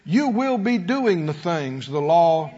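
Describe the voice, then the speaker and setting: A man preaching a sermon to a congregation in a call-and-response style, sometimes rising to shouts. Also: fairly high pitch, big pitch swings, takes it slowly, highs cut off. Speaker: pastor.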